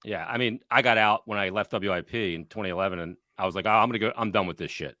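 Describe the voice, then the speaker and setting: A man co-hosting a podcast, talking sports in a blunt, profane, animated way. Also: fairly low pitch, quick pace, dry recording, studio quality. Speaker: podcast co-host. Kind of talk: casual sports talk.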